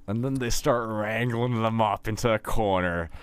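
A man's voice: on the low side, moderate pace, clear, resonant tone, no echo. A man co-hosting a podcast, chiming in with jokes during a casual episode recap. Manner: joking, chiming in. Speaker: podcast co-host.

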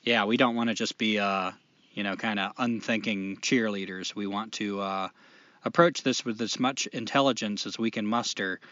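A man co-hosting a podcast in casual chat, profane and animated, rambling through his points. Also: lowish voice, moderate pace, no echo. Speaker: podcast co-host. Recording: dull lo-fi podcast audio.

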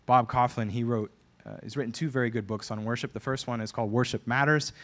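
A man delivers a sermon in an earnest, emphatic way. He drives his points home by repeating key phrases, in the steady manner of a pastor addressing his congregation. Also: medium pitch, fast.

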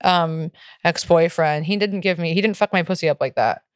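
Lower-pitched candid young woman co-host. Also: moderate pace, clean tone, dry recording, studio quality. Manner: candid, profane, rambling with many fillers. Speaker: podcast co-host. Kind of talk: casual chat.

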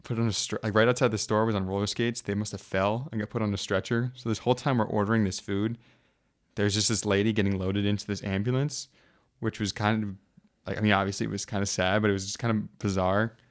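A young American man co-hosting a podcast, chatting casually in a relaxed, rambling way full of "like". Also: lowish voice, fast. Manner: relaxed, rambling, heavy use of "like". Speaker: podcast co-host. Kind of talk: casual chat.

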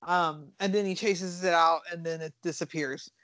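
A woman's voice: lowish voice, moderate pace, no room sound. Chatty woman retelling a horror movie. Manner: rambling, animated storytelling with fillers and swearing. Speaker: podcast co-host reviewing horror films. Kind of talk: casual chat, retelling movie plots.

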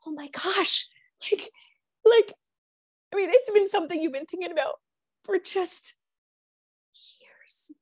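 A woman's voice: very high voice, measured pace, long pauses, no room sound, pitched above the performer's own voice. A woman acting out an overjoyed friend who is hearing great news, gasping and repeating her exclamations. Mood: ecstatic. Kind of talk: acted demonstration.

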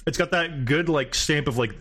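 A man's voice: a little high, moderate pace. A young American man chatting casually, joking with plenty of swearing. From United States. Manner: profane, joking, animated. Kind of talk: casual chat.

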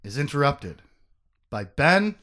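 A man hosting a casual book-discussion podcast, recapping the story with jokes and quick asides. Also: on the high side. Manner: animated, joking, quick asides. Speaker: podcast host.

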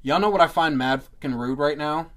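Profane, hyped-up male podcast host. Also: a little high. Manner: profane, joking, hyped, fast run-on plugs. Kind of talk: casual podcast banter.

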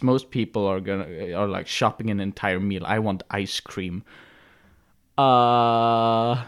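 A man's voice: on the low side, slow pace, smooth. A man co-hosting a podcast, telling a story in casual chat with many restarts and fillers. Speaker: podcast co-host.

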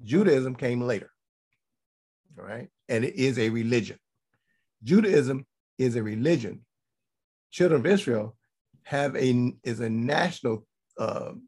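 A man's voice: mid-range voice, darkish tone, slightly rough. A man giving a Bible teaching sermon to a congregation. He repeats his points for emphasis and keeps checking in with "okay?".

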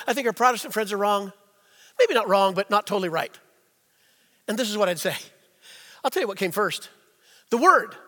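A male pastor delivers a sermon in a very high, bright voice. He leans on rhetorical questions and stretches out key phrases, dropping to near-silence and then rising again. The sound carries a long reverb from the church hall. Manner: rhetorical questions, slows for emphasis, swings between quiet and loud. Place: church sanctuary.

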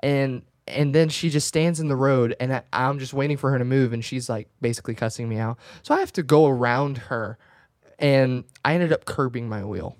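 A man co-hosting a podcast, telling animated anecdotes with laughing asides in casual chat. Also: mid-range voice, normal speed, no room sound, studio quality. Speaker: podcast co-host.

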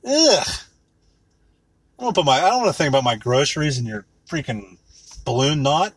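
A man's voice: medium pitch, very animated, quick pace, breathy edge, no echo. A man in his thirties ranting with rambling sarcasm and heavy swearing, mocking things in put-on voices. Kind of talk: profane comedic rant.

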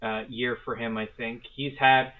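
A man's voice: medium pitch, flat delivery, normal speed. Enthusiastic man on a tinny line. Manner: enthusiastic, rambling, swears casually. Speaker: podcast co-host. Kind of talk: casual sports chat. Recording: phone-like narrow sound.

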